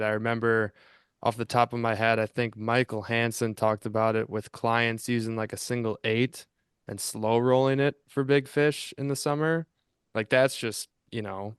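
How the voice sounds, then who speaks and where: A man with a low, smooth voice rambles through a story as a podcast co-host, circling back and restarting as he goes. The recording is dry and close to the mic. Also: dry recording. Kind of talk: casual fishing podcast chat.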